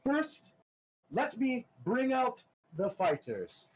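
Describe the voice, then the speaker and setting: A man voicing a booming male tournament announcer who makes grand, showy proclamations in a tabletop game. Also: huge pitch swings, slow pace, a little mellow, slightly rough, exaggerated voice.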